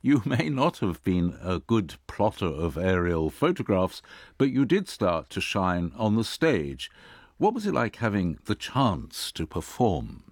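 A man hosting a radio interview, asking measured, lightly teasing questions. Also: sits low, sing-song, dry recording, clean studio sound. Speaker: radio host.

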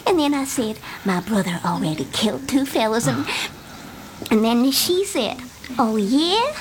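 A blunt, defiant young girl tumbles through her story in breathless rural dialect, as a woman acts her out. Her voice sits high and swings widely. A faint hiss runs underneath. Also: expressive, a little slow. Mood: tattling. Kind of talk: stage drama acting.

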